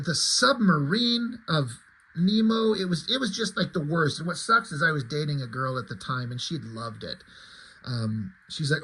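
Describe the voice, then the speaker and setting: A man's voice: a little high, fairly bright tone, slightly rough, low-quality recording. A man chatting casually about a comic book, rambling and blunt, with strong opinions. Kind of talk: casual chat.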